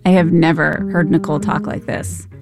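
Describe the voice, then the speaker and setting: A woman host giving measured, reflective scripted narration. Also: sits low, flat delivery, creaky. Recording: narration over guitar music. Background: guitar music.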